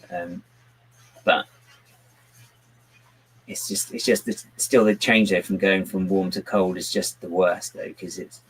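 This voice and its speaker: Husky-voiced man chatting on stream. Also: low voice, rough recording. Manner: chatty, muttering to himself and his pet while working. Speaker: livestreaming brick builder. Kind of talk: casual live-stream chat.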